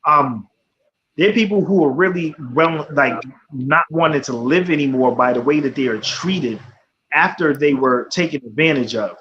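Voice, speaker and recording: A man's voice: a little high, moderate pace, a bit bright. Blunt, profane man on talk radio. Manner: blunt and profane, peppered with "you know what I'm saying". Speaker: radio talk show host. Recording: slightly muffled, faint background noise.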